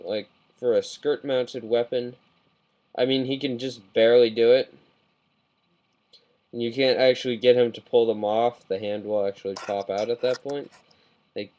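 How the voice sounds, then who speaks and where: A man talking through a model kit review in a casual, rambling way, getting excited and often correcting himself mid-sentence, recorded on a webcam mic. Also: fairly low pitch, low-quality recording.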